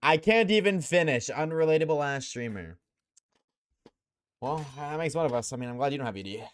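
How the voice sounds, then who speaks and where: A young man streaming a game and chatting casually with his audience, slangy and joking, talking in quick bursts. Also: fairly high pitch, animated, no room sound.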